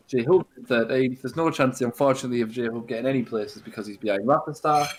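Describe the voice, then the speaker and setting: A man's voice: mid-range voice, moderate pace, a little hiss or hum, rough recording. A man co-commentating a live sim race, cheeky and crude, joking with his co-host and reading out the grid. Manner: cheeky, crude jokes, says mate a lot.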